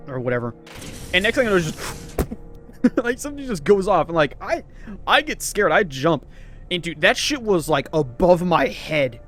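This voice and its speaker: A man's voice: fairly high pitch, fairly bright tone. A young man telling a rambling story in casual chat, swearing, laughing often and full of fillers. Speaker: storyteller host.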